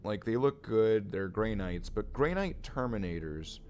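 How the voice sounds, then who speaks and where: A man's voice: fairly low pitch, lively intonation, measured pace, a little mellow, slight background noise. A man chatting casually while painting miniatures on a hobby stream, rambling and joking as he thinks aloud.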